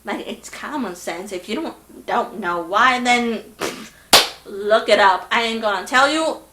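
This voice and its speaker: A woman's voice: a little high, a little slow, heavy background noise. A young woman telling a storytime in a casual, exasperated way, acting out the people she quotes. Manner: animated, exasperated, acts out voices in quotes. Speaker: vlogger. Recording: echoey room.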